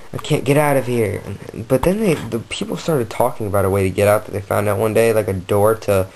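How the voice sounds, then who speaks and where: A man spinning an improvised silly story in a rambling, goofy way, full of restarts and tangents. His pitch is mid-range and ordinary. Faint background hiss. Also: darkish tone, low-quality recording.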